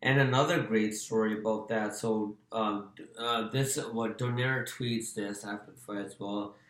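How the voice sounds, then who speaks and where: A man who used to box, co-hosting a podcast in relaxed, agreeable chat. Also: on the low side, unhurried, roomy sound. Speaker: podcast co-host, former boxer. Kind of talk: casual sports chat.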